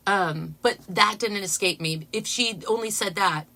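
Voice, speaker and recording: A woman chats to her viewers on a casual livestream in a bright, forward voice. She is excitable and keeps breaking into laughter. Her talk is loose and gushing. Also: medium pitch, moderate pace, hardly any pauses. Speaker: channel host.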